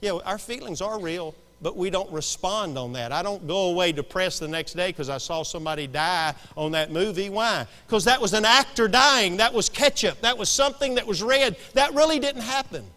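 A man preaching a sermon, swinging between hushed lines and sudden shouts. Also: sits high, lively intonation, normal speed, few pauses, big-room sound. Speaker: pastor. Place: church sanctuary.

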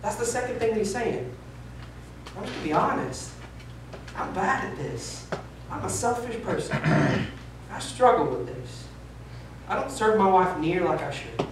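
A high-voiced pastor in his thirties preaches unhurriedly and expressively, pausing often as he speaks with candid, emphatic, self-deprecating honesty. The recording is distant, echoing around a big church sanctuary with faint hiss underneath.

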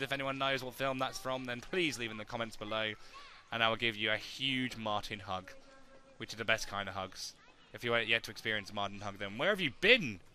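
A young man, joking and excitable as he comments on his own gameplay and talks to his viewers. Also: mid-range voice, smooth. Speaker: let's play gamer.

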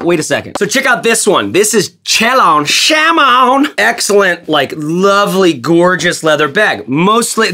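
A man talking casually in a review vlog, rambling and animated, with lots of fillers and jokes. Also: high voice. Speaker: bag reviewer.

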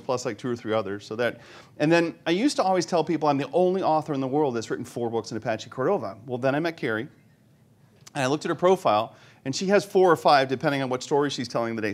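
Joking man giving a tech talk. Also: on the high side. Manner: joking, chatty, asks the audience questions. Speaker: conference speaker. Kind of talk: live technical presentation with jokes. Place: conference room before an audience.

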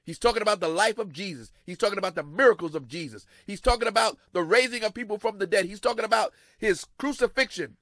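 A man pastor preaching a sermon dramatically, repeating his phrases and swinging from hushed to loud. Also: high-pitched, fast, hardly any pauses, dry recording.

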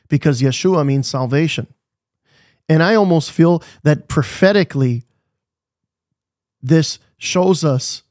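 A man's voice: on the high side, darkish tone, dry recording, studio quality. A man preaching a devotional sermon, asking the listeners questions and repeating his key phrases with emphasis.

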